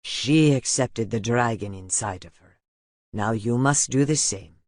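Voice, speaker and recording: A man voicing a calm, patient male mentor in an audiobook, speaking slowly and gently. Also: mid-range voice, no room sound, clean studio sound, close to an everyday voice. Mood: gentle.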